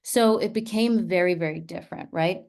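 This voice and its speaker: This woman's voice is fairly low, and she talks at a normal speed. A teacher by trade, she gives a talk full of lively stories, regularly checking on her listeners with a quick "right?"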